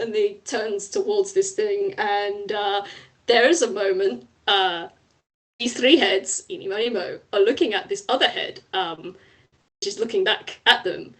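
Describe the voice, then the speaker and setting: A woman narrating as game master of a tabletop game, lively and often laughing. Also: mid-range voice, unhurried.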